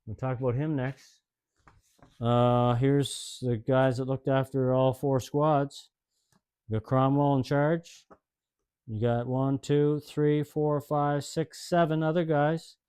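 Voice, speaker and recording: A man's voice: medium pitch, level tone, slow pace, a little mellow, smooth. A man in his sixties casually telling old stories in a folksy, rambling way, chuckling often. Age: 60s. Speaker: host telling service stories. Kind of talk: casual storytelling.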